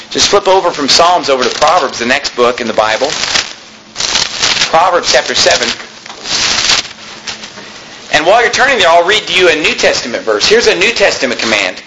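A middle-aged male pastor preaches with a bright, forceful voice pitched a little high. He leans on key phrases, slowing down to stress them. A faint hiss of background noise sits under the recording. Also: low-quality recording. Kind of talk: sermon.

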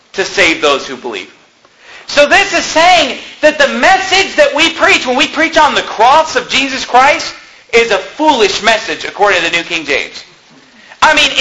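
An American man preaching a sermon, animated and mocking, swinging between loud points and low asides. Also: poor audio. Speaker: pastor.

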